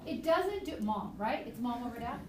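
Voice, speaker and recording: Woman biology teacher, high voice, chatty and animated, recorded far off in a noisy, echoey classroom. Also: normal speed, a crowd in the background. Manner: lively, chatty, acts out examples. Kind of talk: classroom lecture.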